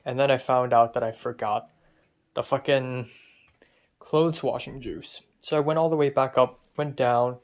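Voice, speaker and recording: Young dude venting on his vlog, annoyed, swearing a lot, ordinary mid pitch. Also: fairly even intonation, moderate pace, few pauses. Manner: frustrated ranting, swears often. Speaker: vlogger. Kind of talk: casual vlog monologue.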